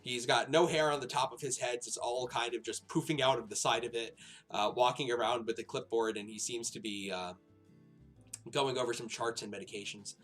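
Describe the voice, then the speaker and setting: A man runs a tabletop horror game, narrating scenes and explaining rules in a loose, filler-heavy way. His voice sits at an ordinary pitch, with faint music underneath. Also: steady tone, fairly quick, a bit bright. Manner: rambling with frequent fillers and laughs. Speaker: game master.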